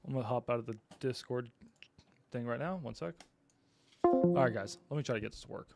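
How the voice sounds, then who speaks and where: A man's voice: medium pitch, normal speed, vocal fry, long pauses, darkish tone, slight background noise. A man hosting a casual livestream, apologetic and flustered while he fights his equipment and talks to viewers. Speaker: livestream host.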